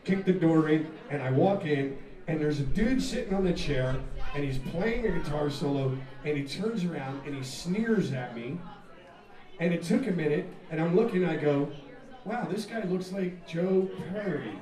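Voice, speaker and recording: A man, a rock singer, telling a profane, animated story between songs at a live music venue, laughing and acting out the scene. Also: on the high side, moderate pace. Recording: echoey live room, mic far off, loud crowd.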